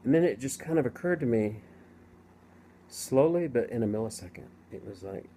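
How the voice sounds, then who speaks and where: A middle-aged man casually telling his own story to camera, rambling and halting with many restarts. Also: mid-range voice, lively intonation, warm tone, a little hiss or hum. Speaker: vlogger telling his near-death story.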